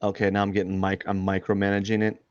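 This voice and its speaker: A man with a fairly low voice chats off the cuff while he paints on a live stream. He wanders through his thoughts, stops and restarts his sentences, and laughs at his own situation. The sound is dry and a little dull, like a lo-fi home setup. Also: monotone, quick pace, darkish tone, dry recording. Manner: rambling, many restarts and fillers, laughs at himself. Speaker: artist streaming live drawing. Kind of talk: casual talk while drawing live.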